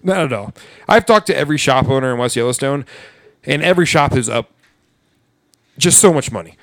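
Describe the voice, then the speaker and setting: Blunt, profane and ranting, a podcast host who also works as a restaurant server chats casually. His medium-pitched voice is lively, fairly quick and fairly bright. It's studio quality with no room sound.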